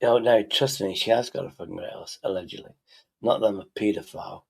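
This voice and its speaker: A man's voice: on the low side, fast talker, vocal fry, slightly rough. A man streaming live, chatting casually and thinking aloud while he works, swearing freely.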